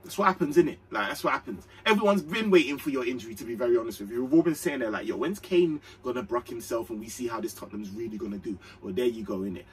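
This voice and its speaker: A young man giving a casual, slangy, excitable football match reaction. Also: mid-range voice, racing, few pauses, distant mic, poor audio. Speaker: fan channel host.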